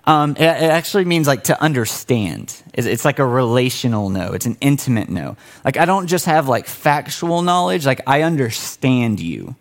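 A pastor preaches in a relaxed, conversational style, telling animated stories and often stopping to restart his sentences. His middle-pitched voice moves at a moderate pace with few pauses.

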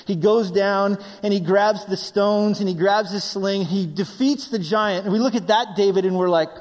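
A middle-aged man preaching a sermon, acting out quoted voices and swinging between loud, urgent passages and hushed near-whispers. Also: on the high side, a little fast, few pauses. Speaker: pastor. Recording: long reverb of a large hall.

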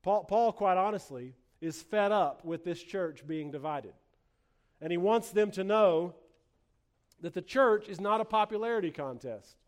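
A man's voice: high voice, expressive, a little slow. A man preaching a sermon as a pastor, earnest, restarting phrases with repeated words and acting out sarcastic quotes.

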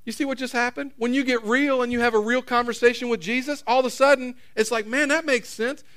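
A man's voice: very high voice, fairly even intonation, quick pace, a bit bright, clean tone. A middle-aged man preaching a casual, conversational sermon in a church, repeating phrases and putting questions to the congregation. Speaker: pastor.

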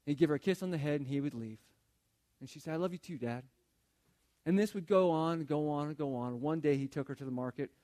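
A man's voice: on the high side, quick pace, warm tone. A man preaching a sermon in a conversational way, often repeating words as he tells a story. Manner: conversational, repeats words while building a point. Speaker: pastor.

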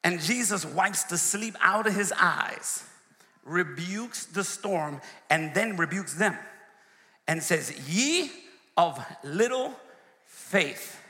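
A pastor preaching a sermon, swinging from quiet asides to shouted peaks, recorded in a church. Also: male voice, high voice, slow pace. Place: church sanctuary. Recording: long reverb of a large hall.

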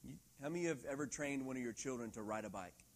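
A middle-aged man preaching a sermon in a church hall, lively and laughing often, acting out quoted voices. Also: mid-range voice, racing. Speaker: pastor.

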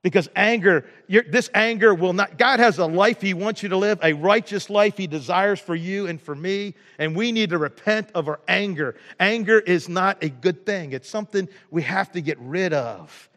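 High-voiced man preaching in a hall. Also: moderate pace, hardly any pauses, fairly bright tone. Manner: emphatic, repeats words and stammers into restarts. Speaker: pastor. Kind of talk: sermon. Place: church sanctuary.

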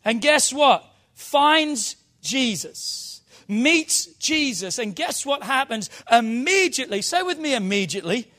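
A man's voice: extremely high pitch, very animated, unhurried, sharp tone. A man preaching a sermon as pastor, emphatic, calling the congregation to answer back. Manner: emphatic call-and-response preaching.

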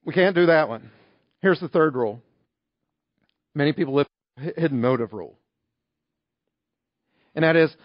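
Man, sermon, conversational storytelling, high voice, dry slightly dull recording. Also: lively intonation, moderate pace, long pauses, no echo. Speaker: pastor.

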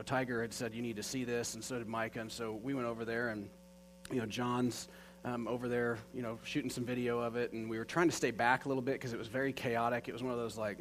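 A man's voice: medium pitch, poor audio. A man telling a personal story in an earnest, conversational way, with many fillers. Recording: faint mains hum.

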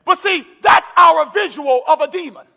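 Impassioned shouting preacher in an echoey hall. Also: male voice, very high voice, moderate pace. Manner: impassioned, shouting climaxes with call-and-response urgency. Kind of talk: sermon. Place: large church hall with congregation. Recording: echoey church hall with crowd.

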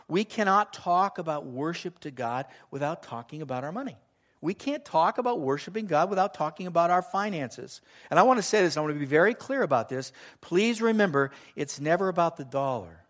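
A middle-aged male pastor with a high voice delivers a sermon in church. He speaks earnestly and breaks up the preaching with joking asides.

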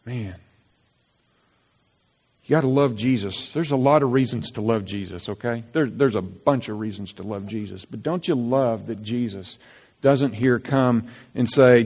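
A man's voice: medium pitch, unhurried, slightly rough. Emphatic male pastor in a reverberant hall. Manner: emphatic, animated preaching with quoted asides. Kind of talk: sermon. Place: church sanctuary. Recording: long reverb of a church hall.

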